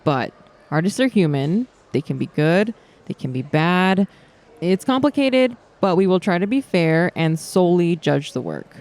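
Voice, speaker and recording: Lady cohost on an art podcast, lowish voice, earnest and a bit playful. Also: lively intonation, measured pace, a little mellow. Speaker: podcast co-host. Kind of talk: casual scripted podcast banter.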